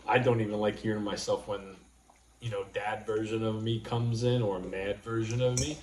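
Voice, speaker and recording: This livestream host, a New Yorker, has a fairly low, darkish voice with a steady tone. His casual chat rambles and halts, full of restarts. He's recorded in a roomy space with faint noise.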